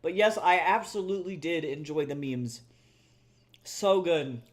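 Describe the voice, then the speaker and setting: Chatting with his viewers on a live art stream, a young man reads the chat in a casual, self-deprecating manner, swearing freely and laughing often. His voice is on the high side, lively in intonation, and a little slow.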